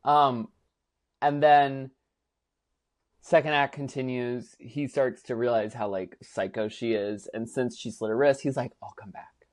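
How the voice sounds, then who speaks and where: A man's voice: medium pitch, unhurried. Gushing young man recapping a show. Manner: animated, gushing storyteller who swears casually. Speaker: podcast co-host. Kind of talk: casual chat.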